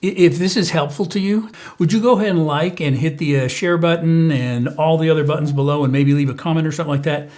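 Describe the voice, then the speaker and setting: A middle-aged man speaks in a relaxed, conversational way, hosting a parenting channel. His voice sits a little high for a man, and he talks casually to the camera, pausing with fillers and restarting sentences as he goes. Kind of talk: casual advice talk to camera.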